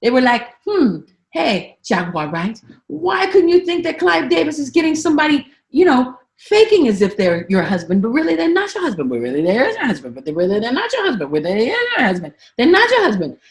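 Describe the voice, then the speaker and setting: A high-voiced, scatterbrained woman politician, put on by a woman comedian rambles through a satirical spoof monologue. Her voice swoops up and down, and she repeats herself with deadpan asides. She drops to hushed mutters, then breaks into sudden loud outbursts. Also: a little fast, hardly any pauses, exaggerated voice. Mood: rambling.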